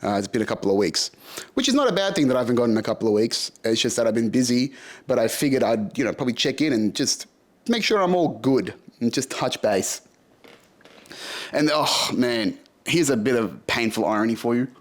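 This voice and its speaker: A man's voice: medium pitch, very animated, a little fast. A young man talking through his week in a casual vlog, frank and swearing freely, rambling with restarts. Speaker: podcast host. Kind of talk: casual personal vlog monologue.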